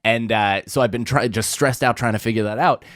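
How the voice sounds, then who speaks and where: A man's voice: medium pitch, fairly quick, no echo, clean studio sound. A man in his thirties hosting a podcast, telling an exasperated, profane comic story and acting out both sides of a phone call. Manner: exasperated, profane, animated rant with voiced impressions. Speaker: podcast host. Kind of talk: casual comedic storytelling.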